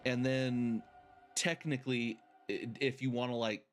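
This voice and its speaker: A man's voice: medium pitch, steady tone, a little slow, faint music behind. A man giving casual, chatty commentary while playing a video game, thinking aloud and laughing often. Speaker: game streamer. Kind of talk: casual let's-play commentary.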